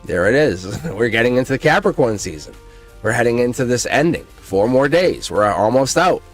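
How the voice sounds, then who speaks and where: A man hosting a casual live-stream tarot reading, excitable, laughing often and swearing freely. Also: mid-range voice, moderate pace, faint music behind.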